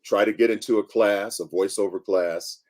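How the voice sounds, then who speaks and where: Deep-voiced man giving calm advice. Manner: calm, measured advice with filler ums. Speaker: guest, voice-over coach. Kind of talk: casual interview advice.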